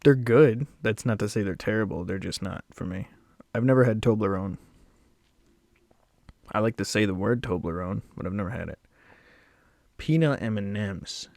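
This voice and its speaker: Young guy reviewing snacks, kinda low voice, dry close mic, rambly with blunt takes, bit out of breath. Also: lively intonation, moderate pace, creaky, pauses often, darkish tone, no room sound. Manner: rambling and self-deprecating, with blunt verdicts. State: slightly out of breath. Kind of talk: casual solo video commentary.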